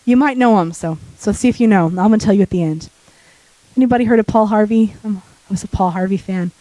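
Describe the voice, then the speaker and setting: A woman preaching a sermon in a church while sick, her voice deepening, talking conversationally and joking with the congregation. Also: fast, mellow, no room sound, low-quality recording.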